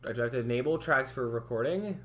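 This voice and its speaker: A man's voice: mid-range voice, expressive, fast talker, fairly bright tone, slight background noise. Rambling young man streaming live. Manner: rambling, hesitant, full of fillers and restarts. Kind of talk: casual livestream chat. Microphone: headphones with a desk mic.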